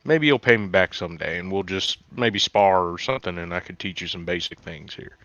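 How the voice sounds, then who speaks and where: A man speaking as a tabletop player, hesitant and halting with many restarts. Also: sits low, fairly bright tone, no echo, faint music behind. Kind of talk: in-character tabletop play. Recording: dull lo-fi dry recording.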